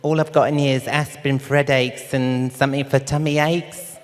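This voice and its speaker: A man's voice: mid-range voice, flat delivery, moderate pace, in a large hall, background noise, pitched above the performer's own voice, lightly acted. A British man voicing a cautious, fussy woman nurse from a film set, with hesitant, apologetic speech.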